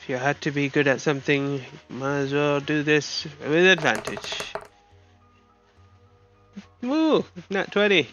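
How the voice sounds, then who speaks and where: A man's voice: a little high, level tone, normal speed, few pauses, bright, forceful tone, highs cut off, faint music behind. A man playing a tabletop game, speaking casually as a player.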